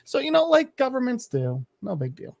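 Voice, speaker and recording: A man co-hosting a casual podcast, recapping a comic in an animated way, swearing freely and laughing at his own asides. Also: very high voice, moderate pace, gravelly, dry recording, studio quality. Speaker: podcast co-host.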